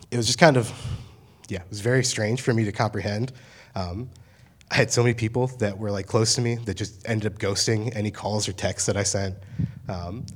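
A young man in his twenties on campus ministry staff, giving a casual, conversational sermon full of fillers and paraphrased asides. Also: on the low side.

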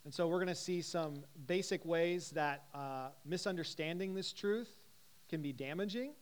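A man's voice: fairly high pitch, normal speed. A man in his thirties giving a casual teaching talk to a live group, talking conversationally with many fillers and putting questions to his listeners. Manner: conversational, frequent "uh" fillers, asks the audience questions. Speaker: teacher at a Christian ministry gathering.

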